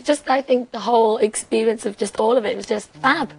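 A woman's voice: a little high, quick pace, gravelly, husky, no room sound, low-quality recording. A young woman with a Welsh accent, chatting as a guest on a TV interview and acting out bits of past conversations. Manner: chatty, rambling, acts out quoted talk. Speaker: reality show contestant guest. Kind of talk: casual TV interview chat. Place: TV studio.

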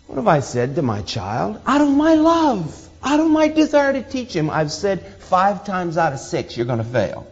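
A man's voice: sits high, moderate pace, few pauses. A man preaching a sermon, acting out the voices he quotes along the way. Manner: expressive, acts out quoted voices with laughter. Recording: dull hall reverb.

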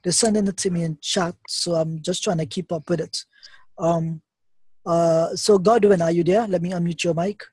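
A man moderating a live debate, calling time and taking callers with brisk, hesitant fillers. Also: high voice, steady tone, darkish tone, husky, no echo.

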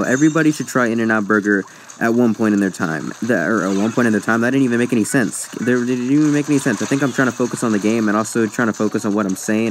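A young man gives rapid, chatty commentary over his game, wandering off onto tangents and laughing at his own slip-ups. His pitch sits in an ordinary middle range. A faint room ambience runs behind the voice. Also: slight background noise. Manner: rambling, self-mocking, easily sidetracked. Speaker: gaming YouTuber. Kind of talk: casual let's-play commentary.

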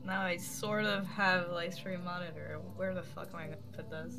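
A woman's voice: on the low side, fairly even intonation, moderate pace, gravelly, music in the background. A woman chatting casually on a stream, rambling bluntly with lots of "like" and the odd swear.

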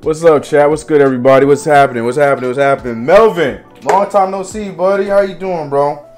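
A man's voice: a little high, a little fast, a little mellow, soft background music. A young man livestreaming, casually greeting chat viewers by name and repeating his phrases, in a home streaming setup.

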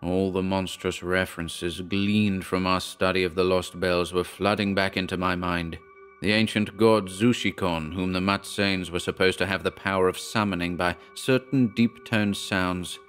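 Horror audiobook reader: very low-pitched man, measured and dramatic. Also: steady tone, fairly bright tone, smooth, soft background music. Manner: measured, dramatic first-person storytelling. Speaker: audiobook narrator. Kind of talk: scripted horror narration.

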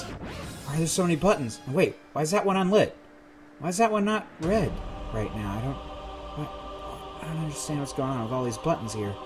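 High-voiced man in confused game commentary. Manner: confused, nervous, laughing to himself; rises to high panicked shouts when scared. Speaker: gamer playing a demo. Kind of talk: let's play commentary.

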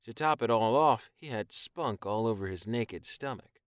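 A man reading an audiobook in even, measured scripted narration. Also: fairly low pitch, no echo, clean studio sound.

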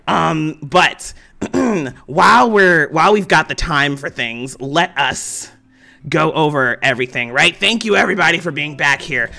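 A man's voice: a little high, gravelly, bright, forceful tone, full character voice. A man voicing a self-assured female professor, formal in greeting but swearing in casual asides, on a live stream.

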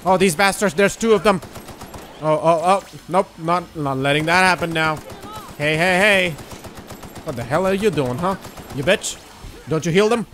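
A young man giving casual, excitable let's-play commentary while he plays, swearing and joking. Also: a little high, normal speed, pauses often, soft background music. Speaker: gaming YouTuber.

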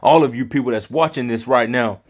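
A man's voice: medium pitch, a little fast, lightly acted. A man voicing a reassuring savior, plainly spoken. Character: reassuring male savior speaking to listeners.

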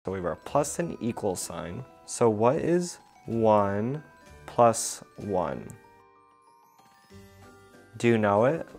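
A man's voice: lowish voice, big pitch swings, slow pace, creaky, long pauses, darkish tone, faint music behind. A man teaching toddlers a puzzle and simple sums, patient and encouraging, asking questions as he goes. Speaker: children's educator.

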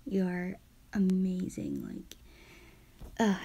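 Breathy, gushing young-sounding woman vlogger. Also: fairly low pitch, level tone, slow, dark tone. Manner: gushing and starstruck, often dropping to a breathy half-whisper. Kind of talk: casual vlog to camera.

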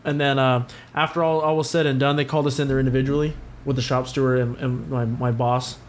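A man's voice: mid-range voice, fast talker, a little hiss or hum. A man co-hosting a podcast in casual chat, telling stories with plenty of profanity. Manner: profane, animated storytelling. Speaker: podcast co-host.

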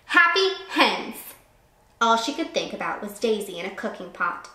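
A woman's voice: mid-range voice, fairly quick. A woman reading a picture book aloud to children as a teacher, telling it expressively with little asides. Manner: expressive, animated storytelling. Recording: roomy echo.

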